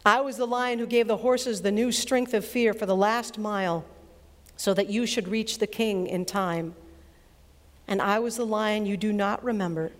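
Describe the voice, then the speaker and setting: A woman voicing a vast male lion who speaks slowly, low and gravely, reading in a reverberant hall. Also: steady tone, natural voice. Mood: solemn. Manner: slow, grave, low and deep. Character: vast, solemn male lion, calm and commanding.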